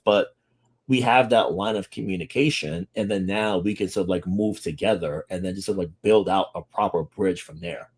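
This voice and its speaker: A man's voice: on the low side, breathy edge. A man co-hosting a casual livestream discussion, talking in a loose, rambling way, hedging with fillers as he goes. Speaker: podcast co-host.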